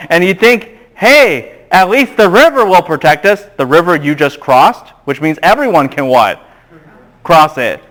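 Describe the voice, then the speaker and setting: A man giving a classroom Bible lecture, animated and quizzing the students with questions. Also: a little high.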